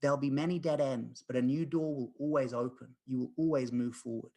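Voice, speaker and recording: A man retelling a dream and quoting the personification of time, a calm male guide who speaks in quiet, matter-of-fact pronouncements. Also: medium pitch, a little fast, gravelly. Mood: calm wise.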